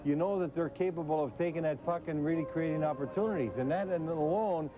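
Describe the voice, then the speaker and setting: A man giving hockey analysis as a guest on a televised preview, earnest and measured, on dull lo-fi TV audio. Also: on the high side, over music. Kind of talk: TV studio analysis.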